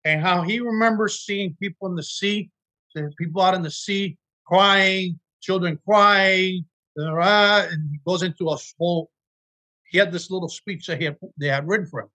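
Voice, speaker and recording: A high, pushed, bright voice at normal speed belongs to an actor being interviewed casually. He tells emotional, sincere stories about his work, breaking off and restarting as he talks.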